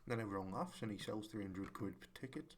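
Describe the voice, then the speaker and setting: A man's voice: fairly low pitch, a little fast. A man giving casual, jokey commentary while playing a game, swearing and muttering to himself. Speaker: gaming creator.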